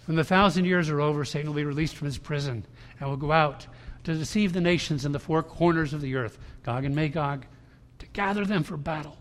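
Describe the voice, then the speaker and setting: A male pastor preaching to a congregation in a large church room, his somewhat high voice ringing out in long hall reverb. He is emphatic, dropping to a hush and then rising loud. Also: a little fast. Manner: emphatic preaching, swinging between hushed and loud. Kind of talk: sermon.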